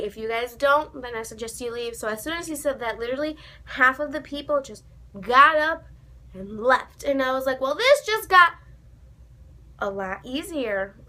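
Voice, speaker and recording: Young woman vlogging, high bright voice, gushy fangirl storytelling. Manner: excited, gushing fan retelling with quoted dialogue. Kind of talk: casual storytelling.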